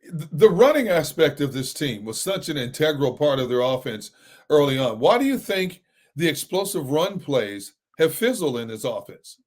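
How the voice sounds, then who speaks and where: A man's voice: on the high side, very animated, moderate pace, darkish tone. A man hosting a sports interview show, asking conversational questions and backing the guest with frequent short replies. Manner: conversational, backchannels often.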